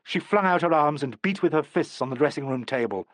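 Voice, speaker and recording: A man narrating an audiobook in a measured, expressive reading. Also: on the high side, no room sound. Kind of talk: scripted narration.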